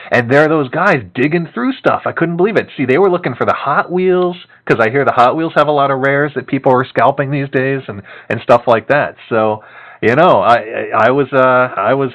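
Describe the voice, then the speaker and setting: A man casually telling a long story to a co-host, animated and laughing often, with many fillers. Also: mid-range voice, lo-fi sound.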